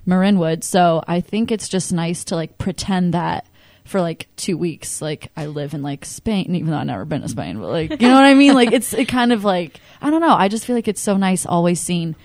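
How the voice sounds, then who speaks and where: A woman's voice: lowish voice, lively intonation, normal speed, a little mellow, no echo. A young woman from California chatting casually, rambling and filling her talk with "like". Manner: rambling, heavy use of "like". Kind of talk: casual chat.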